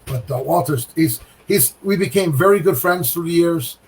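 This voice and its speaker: A middle-aged man telling a bowling story in casual chat, animated, with sound effects and repeated phrases. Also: fairly high pitch, moderate pace, slightly rough, recorded from a distance, poor audio. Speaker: guest pro bowler.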